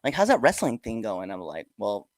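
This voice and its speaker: Podcast host: middle-aged man, low voice, dry close mic, animated storyteller who mimics the people he quotes. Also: moderate pace, dry recording. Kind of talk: casual interview chat.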